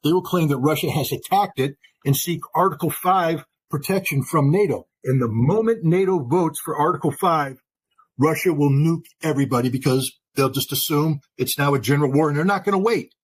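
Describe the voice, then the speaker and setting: Emphatic husky American man. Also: on the high side, brisk, rough recording. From United States. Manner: emphatic, forceful argument. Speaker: guest analyst. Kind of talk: interview commentary.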